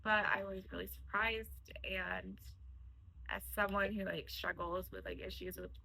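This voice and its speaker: Woman, young adult, bright voice, chatty, lots of filler words. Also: mid-range voice, steady tone, unhurried, vocal fry, slightly rough, rough recording. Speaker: guest, host's wife. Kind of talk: casual conversation.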